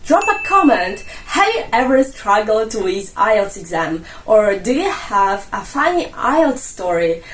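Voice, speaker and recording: A woman with a medium-pitched, sing-song voice speaks a little slowly with few pauses, coaching viewers on an English exam in a chatty, joking style. She is a native Russian speaker giving a casual explainer. The recording sounds roomy and a bit distant from the mic, with light music underneath.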